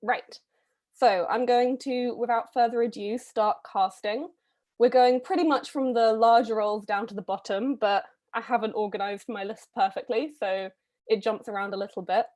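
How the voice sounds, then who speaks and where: Woman host, slightly high voice, brisk and chatty on a video call. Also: fairly even intonation, darkish tone. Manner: chatty, brisk, with frequent ums and little laughs. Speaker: read-a-thon host casting readers. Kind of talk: casual live-stream casting call.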